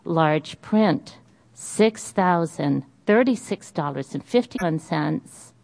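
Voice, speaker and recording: Slow-reading woman with a Boston accent. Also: low voice, vocal fry, darkish tone. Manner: careful, deliberate reading of numbers with small hesitations. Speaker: meeting presenter reading a budget report. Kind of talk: reading figures aloud at a meeting.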